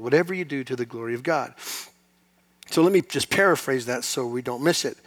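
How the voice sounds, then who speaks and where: A middle-aged man preaching a sermon in a church, conversational and self-deprecating, swinging between loud emphatic peaks and quiet asides. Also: medium pitch. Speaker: pastor. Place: church sanctuary.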